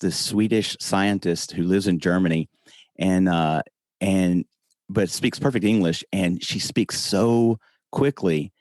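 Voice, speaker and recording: Deep slow Southern man. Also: a little mellow, no echo, studio quality. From American South. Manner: slow, unhurried, self-deprecating humor, frequent restarts. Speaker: podcast guest. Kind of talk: casual interview chat.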